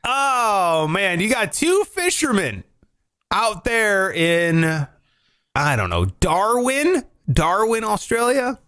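The man hosting this casual morning comedy talk show speaks slowly in a high-pitched voice, telling animated stories and cursing freely.

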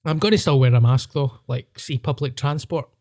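A comedian telling sweary, laughing stories in a casual podcast chat. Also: male voice, medium pitch, fairly quick, mellow.

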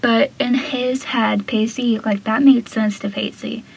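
Casual female recapper, fairly high and husky, rambling with lots of "like". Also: steady tone, measured pace, low-quality recording. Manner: retells scenes loosely, heavy use of "like" and "I feel like". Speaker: show recap podcaster.

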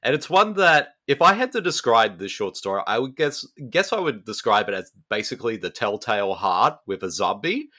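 A man's voice: fairly low pitch, normal speed, hardly any pauses. A man hosting a podcast, retelling horror stories in casual, enthusiastic chat. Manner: animated, enthusiastic retelling with fillers. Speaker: podcast host.

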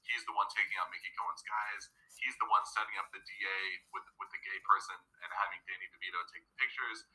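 A man co-hosting a podcast, talking about a film in a quick, chatty way with frequent fillers. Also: on the low side, steady tone, pushed and bright, rough recording. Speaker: podcast co-host. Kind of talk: casual film discussion.

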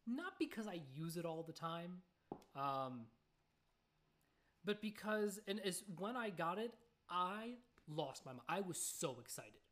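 A young woman with a slightly low voice chats alone on her podcast. She rambles easily from one thought to the next, dropping fillers and little asides to her listeners as she goes. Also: expressive, unhurried, a bit bright. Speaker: podcast host. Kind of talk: casual solo podcast chat.

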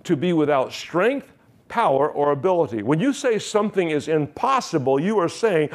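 A man's voice: fairly high pitch, lively intonation, fairly quick. A man, a pastor, preaching a sermon with emphatic, repeated phrases and rising questions.

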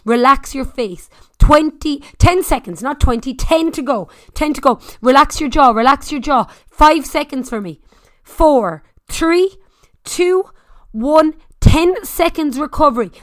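A woman coaching a spin class, counting down intervals, shouting encouragement and cracking jokes. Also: high voice. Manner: jokey, swears casually.

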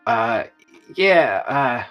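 A man voicing a female orc warrior, bluffing in a hesitant, halting way. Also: mid-range voice, very animated, fairly bright tone, faint music behind, pitched above the performer's own voice, heavily acted.

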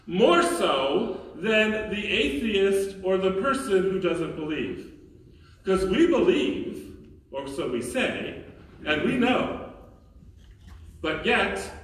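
Priest preaching in an echoey church. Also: male voice, high voice, fairly bright tone, distant mic. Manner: earnest, questioning, emphatic with dramatic pauses. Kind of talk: sermon. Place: large church.

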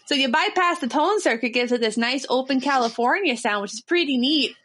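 A woman's voice: high-pitched, lively intonation, brisk, a bit bright. A woman voicing a chirpy ad reader with an exaggerated Minnesota accent, in a rambling sing-song way.

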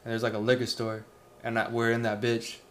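A man from Southern California jokes around with his friends in a relaxed, slangy way. His pitch is in the middle range for a man, and faint noise sits under his voice. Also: a little fast. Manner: laid-back, slangy, joking. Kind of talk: casual chat among friends.

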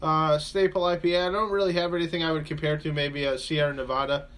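A man's voice: a little high, little pitch movement, fast, fairly bright tone. A man co-hosting a radio show, chatting casually and rambling with lots of fillers. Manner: laid-back, rambling, many fillers. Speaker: radio show co-host reviewing beer. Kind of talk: casual chat.

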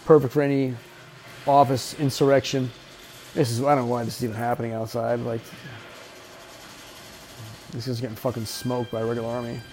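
A man talks loosely over a film he is watching, cursing freely and cracking offhand jokes in the flat tone of a casual podcast host. His pitch sits at an ordinary male middle. A film soundtrack plays faintly underneath. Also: brisk, pauses often, soft background music. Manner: profane, wisecracking and offhand. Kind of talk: casual watch-along movie commentary.

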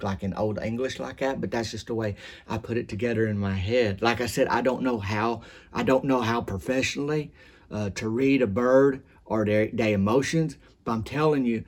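A man telling a rambling, deadpan comic story in a folksy drawl. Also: medium pitch. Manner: rambling, drawling, folksy trailer-park yarn-spinning. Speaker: comedic storyteller. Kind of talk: deadpan character monologue.

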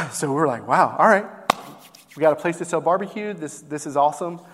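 A man's voice: a little high, fast talker, noisy background. Earnest man telling a story in a hall. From Texas. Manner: earnest, heartfelt storytelling with frequent fillers. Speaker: barbecue business owner giving a talk. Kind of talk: personal story told on stage. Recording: long hall reverb.

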